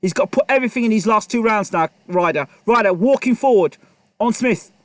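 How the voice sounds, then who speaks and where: A man calls a boxing match live, firing off punches as they land and urging the fighters on. His voice is very high for a man. The sound is close and dry with no room behind it. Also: a little fast, no room sound. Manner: excitable, repetitive, talks to the fighters. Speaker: boxing commentator. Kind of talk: live play-by-play commentary.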